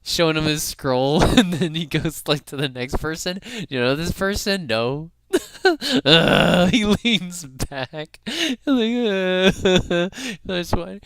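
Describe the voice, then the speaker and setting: Smooth-voiced man gushing over a show. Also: high voice, takes it slowly, a bit bright, dry recording. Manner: emotional, gasping and laughing often. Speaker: fan commentator. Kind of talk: excited reaction commentary.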